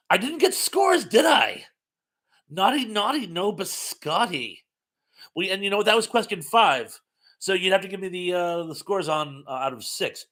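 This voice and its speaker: A man's voice: on the high side, pushed and bright. A middle-aged man hosting a casual live-stream trivia chat, reading out quiz questions and viewer comments, chatty and self-mocking, laughing often and stumbling over his words.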